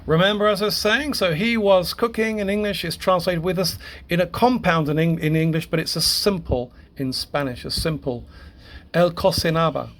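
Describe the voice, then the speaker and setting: A man teaching a grammar lesson to a class, halting, repeating words and correcting himself as he goes. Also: fairly high pitch, a bit bright, slight background noise.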